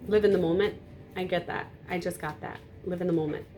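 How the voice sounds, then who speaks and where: A woman giving a tarot reading to camera, blunt and emphatic, naturally loud, with casual swearing. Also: on the low side, fairly even intonation, brisk, a little hiss or hum. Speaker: tarot reader.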